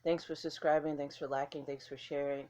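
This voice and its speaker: A woman's voice: sits low, little pitch movement, brisk, warm tone, dull audio. A woman vlogger talking casually to camera in a blunt, candid way, swearing freely.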